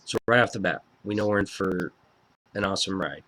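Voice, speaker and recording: Man, casual album review, excitable, profane, low-pitched voice. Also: a little fast, a little hiss or hum. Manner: excitable, profane and fan-gushing.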